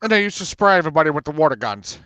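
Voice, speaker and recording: Panelist, man, rambling filler-heavy storyteller; fairly high, smooth, dry. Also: very animated, racing, pushed and bright, no echo, muffled recording. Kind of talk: casual chat.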